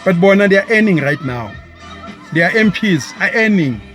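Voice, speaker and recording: A man's voice: high voice, animated, moderate pace, fairly bright tone, faint music behind. A man with a South African accent delivering an impassioned, scornful political rant, mixing isiZulu words into his English.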